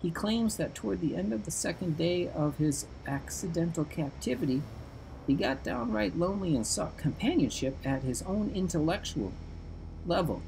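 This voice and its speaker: A man voicing a scrawny, nervous schoolboy who reads aloud in a high, shaky voice. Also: lively intonation, moderate pace, creaky, darkish tone, a little hiss or hum, poor audio. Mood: nervous reading. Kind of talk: audiobook reading.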